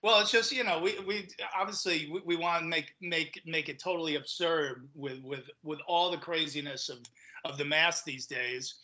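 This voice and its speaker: An animated man guesting on a podcast, telling stories and slipping into other people's voices as he quotes them. His voice is bright and forceful, and it sits somewhat high for a man. He often stumbles and repeats words as he restarts a thought. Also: normal speed, poor audio. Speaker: guest comedian. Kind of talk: casual podcast chat, storytelling.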